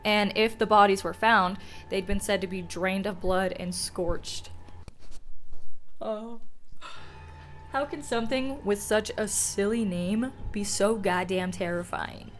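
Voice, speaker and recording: A woman's voice: mid-range voice, slow pace, a little hiss or hum, rough recording. A young woman telling folklore on her vlog in a loose, profane, self-mocking way. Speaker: folklore vlogger. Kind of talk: casual storytelling vlog.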